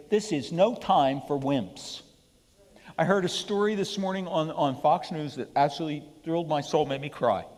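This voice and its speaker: A man's voice: on the high side, darkish tone. Emphatic man preaching in a church hall. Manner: emphatic, keeps asking the room "okay?". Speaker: pastor leading Bible study. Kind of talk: sermon-style Bible study. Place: church hall with an audience, live streamed.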